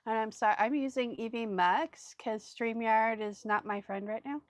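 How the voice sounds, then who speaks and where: Female craft host, slightly high voice, loose chatty live-stream delivery. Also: fairly even intonation, moderate pace, slight background noise. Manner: chatty and rambling, greets viewers while working. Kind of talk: casual live crafting chat.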